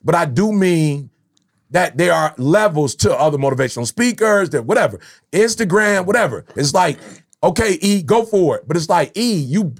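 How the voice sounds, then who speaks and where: A middle-aged man speaks with a high, gravelly voice. He tells stories in an animated, slangy way in a casual podcast chat. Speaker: podcast host.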